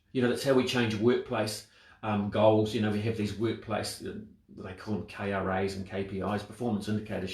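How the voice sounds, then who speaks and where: A man with a lowish, reverberant voice gives a motivational talk about self-talk. Speaking on mental wellbeing, he is reflective and asks many rhetorical questions.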